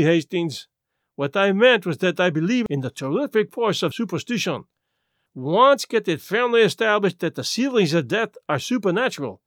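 A man's voice: high-pitched, dry recording, clean studio sound. A man doing a placid, fussy little detective. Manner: gentle, measured, lecturing. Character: small fussy male detective, placid and self-assured.

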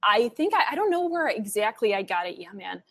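A woman with an upper Midwestern accent, a podcast guest from the DC area, talking casually and haltingly with many fillers. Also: medium pitch, sing-song, a bit bright, no echo, studio quality. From Washington D.C. area.

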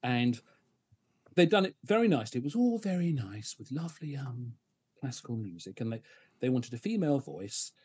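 Husky man telling stories. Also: mid-range voice, normal speed. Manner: animated storyteller, acts out others' lines, frequent laughs and restarts. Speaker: interview guest, advertising professional. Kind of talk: conversational podcast interview.

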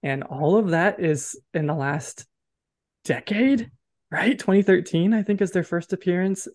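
A man hosting a college baseball podcast in casual chat, talking quickly and correcting his own facts as he goes. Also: sits high, darkish tone. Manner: chatty, self-correcting, checks facts aloud. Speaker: podcast host.

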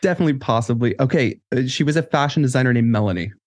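A man's voice: mid-range voice, rapid-fire, a little mellow, no room sound, studio quality. A man co-hosting a podcast in casual, easygoing conversation, steering the talk between topics. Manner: easygoing, conversational, leads segments. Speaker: podcast co-host. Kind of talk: casual chat.

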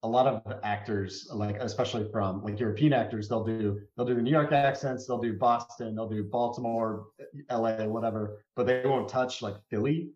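A man's voice: medium pitch, steady tone, normal speed, darkish tone, reverberant, lo-fi sound. A man co-hosting a casual podcast, talking hesitantly and restarting his sentences. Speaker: podcast co-host.

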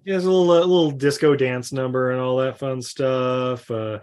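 A man recapping a movie in casual chat, laughing often and quoting scenes in quick voices. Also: medium pitch, fairly even intonation, darkish tone, clear, resonant tone.

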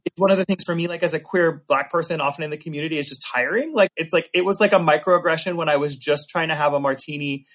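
A man hosting a casual chat, animated and sarcastic, with quick asides. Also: fairly high pitch. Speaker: podcast host.

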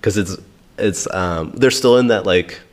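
Deep-voiced man musing on a book. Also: a little slow. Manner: thoughtful, searching for words. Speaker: podcast co-host. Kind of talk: casual book discussion.

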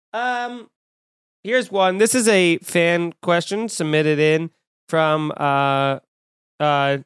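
On a podcast, a man with a slightly high, clear, resonant voice goes on animated, joke-filled rants peppered with swearing in casual conversation. He eats and drinks at the mic as he talks.

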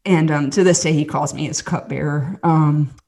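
Southern woman with a deep voice, earnest storyteller acting out quotes, casual faith chat. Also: steady tone, normal speed, vocal fry, crowd noise. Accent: Southern American. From American South. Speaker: podcast host and guest storyteller.

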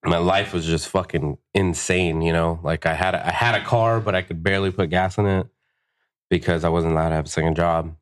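Deep-voiced man telling a profane story. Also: a little fast. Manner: profane, animated storytelling with acted-out quotes. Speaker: podcast guest, tattoo artist. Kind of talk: casual storytelling chat. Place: tattoo shop podcast room.

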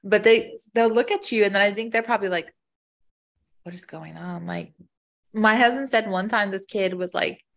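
A woman's voice: medium pitch, a little fast. Chatty woman co-hosting a casual podcast. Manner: chatty, animated storytelling with frequent "like". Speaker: podcast co-host, military spouse.

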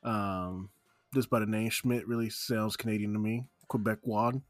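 A man's voice: fairly low pitch, fairly even intonation, normal speed, no echo. A man in his thirties co-hosting a comedy podcast, reading out a list and riffing on it with jokes. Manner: joking, reads blurbs then riffs. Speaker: podcast co-host.

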